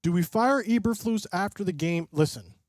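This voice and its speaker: A man doing live play-by-play commentary and reaction as a streamer host, excitable and often breaking into loud hype. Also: sits high, moderate pace, dry recording, studio quality. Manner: excitable, swings into loud bursts of call-style hype. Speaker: livestream host and sports fan.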